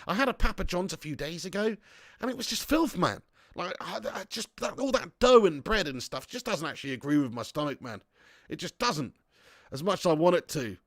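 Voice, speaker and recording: Chatty guy hosting a football watch-along, jokey rambling banter, slightly high voice, dry sound. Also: animated, brisk, fairly bright tone, no echo. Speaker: livestream host reading viewer chat.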